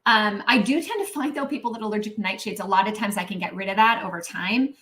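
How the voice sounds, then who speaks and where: Animated, bright-voiced woman doctor on a live stream. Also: medium pitch, fast talker. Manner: chatty and animated, acts out inner voices; frequent "um" and "right?" tags. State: clearing her throat, mucus from coffee. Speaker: naturopathic doctor hosting a live Q&A.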